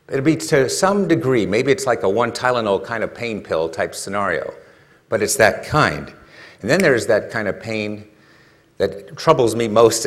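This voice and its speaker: A man preaching a sermon in a conversational way, asking the listeners rhetorical questions and rising to emphatic peaks. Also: low-pitched. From California.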